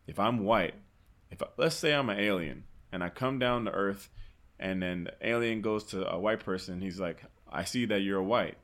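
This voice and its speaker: A man's voice: on the low side, moderate pace. Argumentative man in casual chat. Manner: animated, argumentative, swears often.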